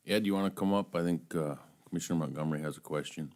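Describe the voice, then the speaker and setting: A man's voice: low voice, fast, a little mellow. A man chairing a county meeting, calling on speakers briefly. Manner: brief, procedural.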